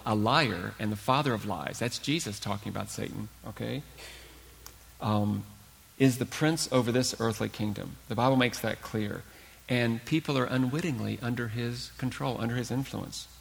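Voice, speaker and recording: A man preaching a sermon as pastor, earnest and emphatic, with dramatic pauses. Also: mid-range voice, gravelly, long reverb tail.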